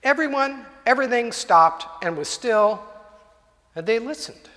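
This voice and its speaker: Slow, bright-voiced male preacher. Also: extremely high pitch, animated. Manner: storytelling, vivid and dramatic. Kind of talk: sermon. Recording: long hall reverb.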